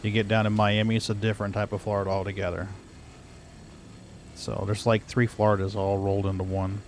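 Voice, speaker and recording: This American streamer keeps up loose, casual gaming chat, wandering from topic to topic. He talks briskly in a lowish, level voice over a bit of background noise.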